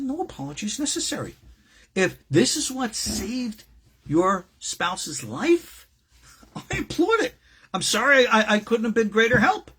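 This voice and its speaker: A man with a deeply husky, raspy voice teaches as a rabbi, swinging his pitch widely from low murmurs to high stresses. He talks in a loose, conversational way, wandering off into asides and then hammering his points home. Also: fairly bright tone. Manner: emphatic, conversational, digressive. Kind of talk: informal recorded lecture.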